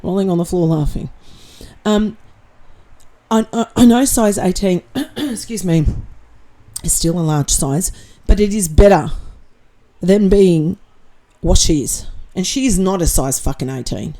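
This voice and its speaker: A woman's voice: on the low side, measured pace, warm tone. A woman hosting her channel, reading out viewer comments and answering them bluntly, with sarcasm and swearing. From Australia. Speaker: channel host reading chat.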